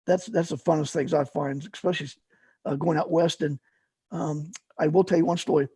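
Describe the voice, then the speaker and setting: Middle-aged guy rambling thru a story, dark mellow voice, dry close sound. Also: a little high, steady tone, fairly quick, slightly rough, no echo. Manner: rambling, lots of fillers and restarts. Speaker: guest, paramotor fly-in organizer. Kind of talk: casual storytelling.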